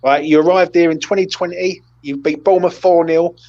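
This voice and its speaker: Blunt, sweary host of a fan chat; slightly high voice on a dull, lo-fi recording. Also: male voice, fairly even intonation, fairly quick, darkish tone. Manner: blunt, sweary, leads the ratings. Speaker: host of a football fan channel. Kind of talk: casual post-match chat.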